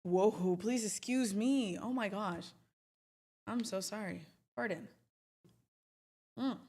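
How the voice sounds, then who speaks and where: A young woman hosting a trading livestream, talking in a chatty, emphatic and animated way. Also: mid-range voice, takes it slowly. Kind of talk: casual livestream talk.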